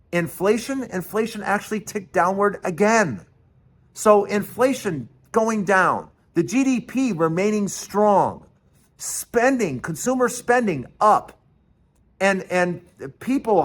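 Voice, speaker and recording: A man's voice: fairly high pitch, fairly bright tone. Earnest man hosting political talk. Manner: earnest, emphatic, repeats words when stressing a point. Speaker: political show host. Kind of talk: solo political commentary.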